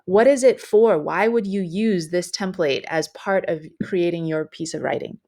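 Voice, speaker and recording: Woman teacher, lower voice, measured and explanatory, with frequent fillers. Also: gravelly, darkish tone. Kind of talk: recorded writing lesson.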